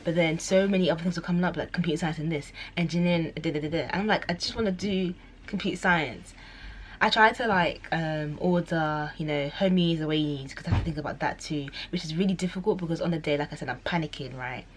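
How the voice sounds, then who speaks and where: Low-voiced young woman rambling to camera. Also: quick pace, slight background noise. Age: young adult. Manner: chatty, rambling, many "like"s and self-corrections; acts out quoted voices with sudden high squeals. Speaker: vlogger. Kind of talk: casual storytelling to camera.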